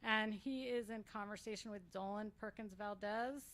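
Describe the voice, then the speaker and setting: A woman's voice: mid-range voice, moderate pace, fairly bright tone. A woman hosting a bookstore author event gives housekeeping notes and introductions in a friendly, informal way with fillers.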